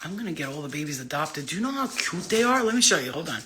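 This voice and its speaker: A woman chatting casually into her phone camera for a vlog, excitable and rambling, swearing freely as she goes. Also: sits low, fast talker, few pauses, background noise. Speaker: vlogger.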